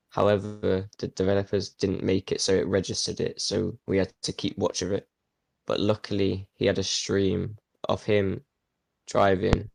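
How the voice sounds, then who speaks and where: A man's voice: on the low side, vocal fry, no room sound. A young man answering interview questions as a league official, plain and matter-of-fact.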